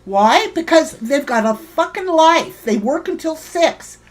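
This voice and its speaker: A woman's voice: high voice, animated, measured pace. Heated woman ranting to her livestream chat. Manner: heated, swearing, greets chat viewers by name. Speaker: livestream host.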